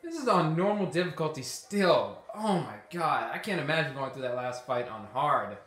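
A man's voice: a little high, lively intonation, normal speed, a bit bright, slight background noise. A man giving casual let's-play commentary, exasperated and talking to himself as he plays. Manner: exasperated, talks to himself while playing. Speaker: gameplay commentator. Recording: echoey room with game music behind.

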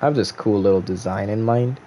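A man's voice: on the low side, brisk, dark tone, slight background noise. A young man casually chatting on a gaming livestream, reading viewers' chat aloud and joking back at them.

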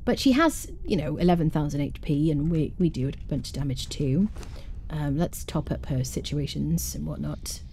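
A woman's voice: sits low, normal speed, vocal fry, dark tone, slight background noise. A woman streaming a game live, chatting loosely and answering her chat as she plays.

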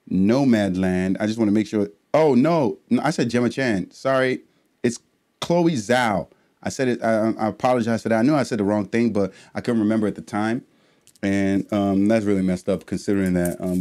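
Ranting, profane man vlogging his reactions. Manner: swings from low mumbling to heated loud outbursts. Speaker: reaction channel host. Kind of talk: casual reaction vlog commentary.

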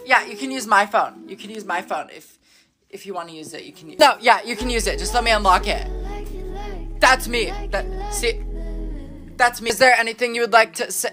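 A woman's voice: fairly high pitch, brisk, lightly acted. A woman playing a smug, attention-seeking teenage schoolgirl in comedy sketches, talking down to others and bursting into dramatic whines. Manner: condescending, dramatic, whiny outbursts. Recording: music playing behind the voice. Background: music.

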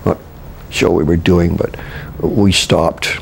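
An older man from Canada, a veteran stage actor, recalling his career in an interview with halting restarts and chuckles. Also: deep voice, fairly even intonation, creaky, a little hiss or hum. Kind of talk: reminiscing interview.

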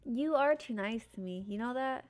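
A woman streaming a game, chatting casually and reacting quickly with her teammates. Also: a little high, a little mellow. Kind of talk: casual gaming chat with teammates.

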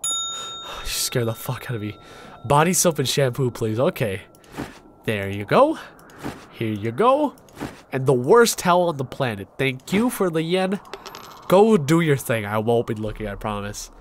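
A man's voice: medium pitch, sing-song, unhurried, pauses often, a little hiss or hum. A man streaming a horror game, reacting with jumpy outbursts and constant swearing. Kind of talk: horror game let's play commentary.

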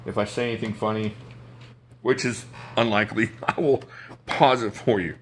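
A man's voice: on the low side, fairly even intonation, moderate pace, slight background noise. A man casually showing his knife collection on camera, enthusiastic and jokey, chatting to himself as he handles each knife indoors at home. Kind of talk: casual show-and-tell talk to camera.

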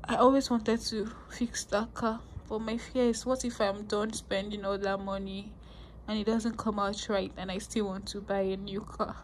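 A woman's voice: medium pitch, moderate pace. A woman with a Nigerian English accent, vlogging in casual chat and talking expressively. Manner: expressive, swings between laughing and worried talk. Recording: noisy background ambience.

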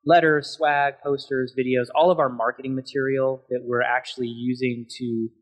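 A man's voice: mid-range voice, little pitch movement, moderate pace. A man speaking as a guest on an interview podcast, passionate and emphatic as he talks through his thoughts.

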